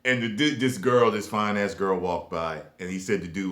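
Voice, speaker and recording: A young adult man vlogging in a casual, profane rant, swinging between loud emphasis and low mumbled asides. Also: moderate pace, few pauses. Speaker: YouTube vlogger. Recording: echoey room.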